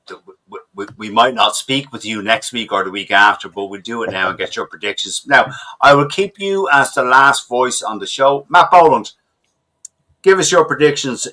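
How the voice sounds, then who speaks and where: A man hosting a casual panel podcast over a video call, running through questions briskly with plenty of "uh" fillers. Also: mid-range voice, pushed and bright. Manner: brisk quizmaster, hesitant fillers. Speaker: podcast host.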